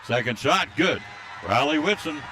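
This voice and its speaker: A courtside announcer gives live commentary on a high school basketball game, calling each play as it happens. When the pace quickens his calls become fast and excited, and he also shares scores and listener greetings, while a crowd murmurs faintly.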